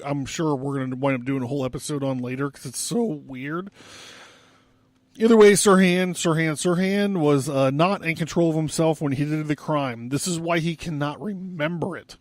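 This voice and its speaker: A man's voice: on the high side, no echo. A young man hosting a casual history podcast, rambling loosely with lots of fillers and asides. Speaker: podcast host.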